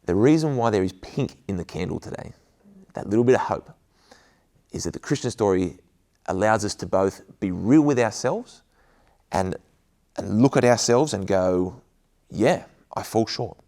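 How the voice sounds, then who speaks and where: A man with a low, gravelly voice delivers an earnest devotional talk. He keeps it conversational, with frequent pauses and ums. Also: expressive, warm tone. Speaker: school chaplain giving a devotional.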